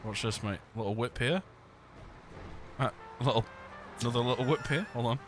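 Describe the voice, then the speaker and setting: A man's voice: mid-range voice, normal speed, music in the background. A young man bantering crudely and cheekily while playing a racing game with friends. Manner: cheeky, crude, laughs a lot. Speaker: gamer. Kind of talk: casual gaming banter.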